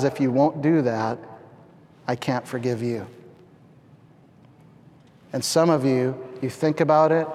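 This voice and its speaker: A middle-aged man from Canada preaching a storytelling sermon, animated and acting out scenes with sudden loud shouts. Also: medium pitch. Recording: long hall reverb.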